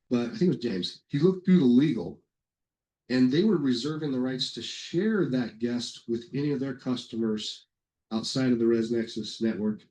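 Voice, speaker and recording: A middle-aged man presents a software webinar with a mid-range voice on a rough recording. He's easygoing and rambling, with anecdotes, lots of fillers, and repeated self-corrections.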